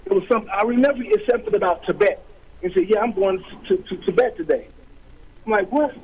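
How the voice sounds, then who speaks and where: A man's voice: high voice, fast talker, highs cut off, slight background noise. A middle-aged man, a guest author, telling his story in an interview with streetwise slang, acting out quoted voices.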